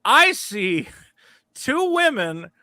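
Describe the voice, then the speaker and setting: A man hosting a casual comedic podcast, loud, mocking and swearing a lot. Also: very high voice, sing-song, very slow, no echo. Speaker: podcast host.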